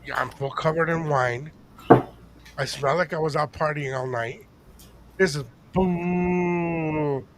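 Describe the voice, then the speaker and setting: On a podcast, an older male co-host tells a casual story at a normal speed, his voice on the high side. He animatedly voices the people in the tale, over a noisy background.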